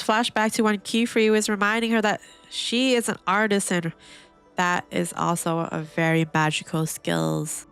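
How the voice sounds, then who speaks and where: Curious, excitable woman reacting to anime. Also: on the low side, clean tone. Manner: animated, curious, thinks aloud to viewers. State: teary, emotional. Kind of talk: live reaction commentary.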